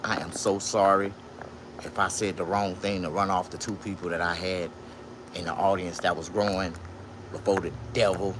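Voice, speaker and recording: A man talking on a live stream from inside his own shop in a casual, boastful, profane, rambling way, jumping between loud bursts and low mutters. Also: noisy background. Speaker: livestreamer and shop owner.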